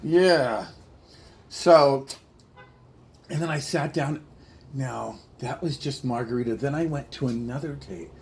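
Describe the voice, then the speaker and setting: A man telling rambling, halting anecdotes in a casual chat. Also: medium pitch, darkish tone, slight background noise.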